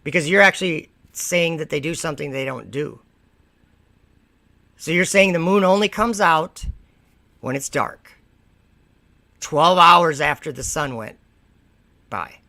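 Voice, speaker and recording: A man's voice: a little high, measured pace, long pauses, pushed and bright, no room sound. A man hosting a casual livestream, reading viewer comments aloud and mocking and lecturing the people who wrote them. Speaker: livestream host.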